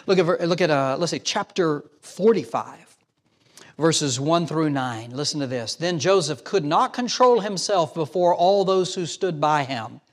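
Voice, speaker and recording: Emphatic high-voiced preacher man. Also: lively intonation, unhurried. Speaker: pastor. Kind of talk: sermon.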